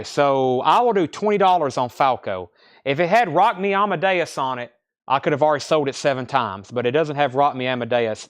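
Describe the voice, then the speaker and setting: A man hosting a live online record sale, reeling off album titles, condition grades and prices in a brisk seller's patter. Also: medium pitch, smooth. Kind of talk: live online sales stream.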